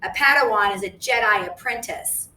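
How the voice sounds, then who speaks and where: A woman's voice: normal speed, pushed and bright. A woman voicing a sly, eager young schoolboy who talks in an eager, needling way. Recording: echoey room, distant mic, faint rumble.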